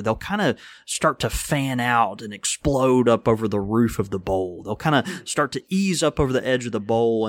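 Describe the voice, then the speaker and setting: Man, mid-pitched voice, dry close sound, halting and thoughtful. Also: dry recording. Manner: thoughtful, halting, restarts and fillers. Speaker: podcast co-host. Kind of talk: casual chat.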